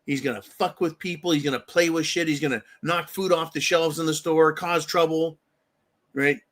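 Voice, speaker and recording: A man's voice: a little high, steady tone, normal speed, fairly bright tone. A man hosting a political commentary show, ranting angrily and emphatically, with frequent profanity. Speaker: host.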